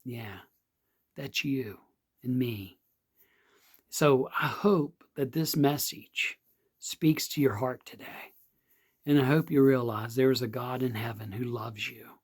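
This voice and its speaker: Male pastor, unhurried earnest preaching with repeated emphatic lines, mid pitch. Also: breathy edge. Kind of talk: devotional sermon. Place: outdoor or home setting, not in church.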